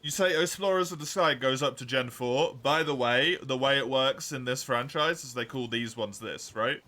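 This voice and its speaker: A man's voice: mid-range voice, moderate pace, bright, forceful tone. A man streaming a game live, chatting with his viewers in a blunt, sarcastic way and swearing freely. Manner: blunt, swearing, sarcastic mock-formal asides. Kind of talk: casual live-stream chat while gaming.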